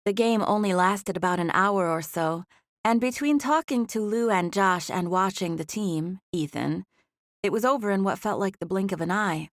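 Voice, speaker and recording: Woman, audiobook narrator, first-person storytelling, expressive, dry recording. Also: medium pitch, dry recording.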